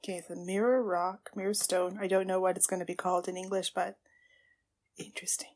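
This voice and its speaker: A woman podcast host reacting live to an anime episode, gushing and excitable, with frequent gasps and quiet hushed asides. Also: lowish voice, fast talker. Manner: drops to hushed asides at tense moments.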